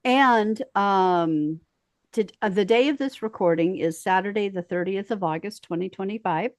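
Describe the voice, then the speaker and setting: A woman's voice: mid-range voice, normal speed, dry recording, clean studio sound. A middle-aged Australian woman co-hosting a podcast, telling stories and teasing in casual chat. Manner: chatty, teasing, leads the topics. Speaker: podcast co-host.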